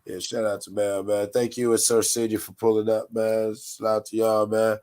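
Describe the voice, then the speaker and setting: A man from North Carolina with a raspy, nasal voice, chatting casually as a podcast host in a laid-back, rambling, slangy way. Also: on the low side, monotone, normal speed, darkish tone. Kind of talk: casual chat.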